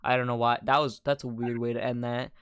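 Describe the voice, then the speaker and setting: A man's voice: mid-range voice, level tone, a little fast, fairly bright tone, smooth, no echo, clean studio sound. A young man co-hosting a casual podcast chat, laughing and protesting in flustered bursts. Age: young adult. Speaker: podcast co-host.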